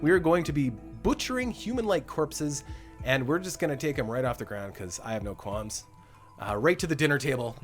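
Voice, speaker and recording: Gleeful, animated young man streaming a game. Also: a little high, brisk, faint music behind. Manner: animated, gleeful, laughs often, darkly joking. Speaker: gaming livestreamer. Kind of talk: live gameplay commentary.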